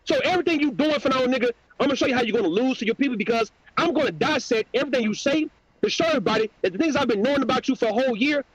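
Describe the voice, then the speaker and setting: A man's voice: extremely high pitch, muffled recording. A man hosting his own channel, delivering a profane, combative, mocking rant in a livestream. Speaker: YouTube channel host.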